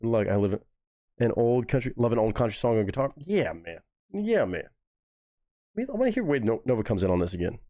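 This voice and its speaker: A man's voice: medium pitch, brisk. A young man hosting a live reaction stream, chatting casually, swearing freely and reading chat messages aloud. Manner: animated, profane, reads chat aloud. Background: faint music playing.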